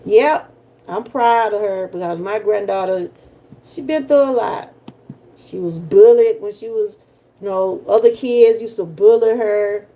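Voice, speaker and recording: An older woman from Georgia with a Southern US accent hosts a casual livestream chat, talking straight to her viewers in a folksy way. Her medium-pitched voice is dark in tone and a little slow.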